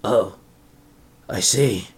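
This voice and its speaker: A man voicing a gruff male Duke Orc warrior who barks and growls his lines. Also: mid-range voice, slow.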